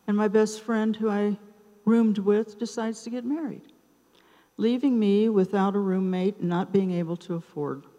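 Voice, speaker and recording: Woman, 70s, live storyteller onstage: warm, low-set, very slow delivery with pauses, reverberant theater sound. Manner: unhurried, with dramatic pauses between short phrases. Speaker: open mic storyteller. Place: theater stage.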